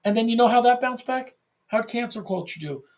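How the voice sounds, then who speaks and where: A man's voice: very high voice, brisk, a little mellow. A man co-hosting a casual podcast, talking animatedly, swearing freely and restarting his phrases. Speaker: podcast co-host.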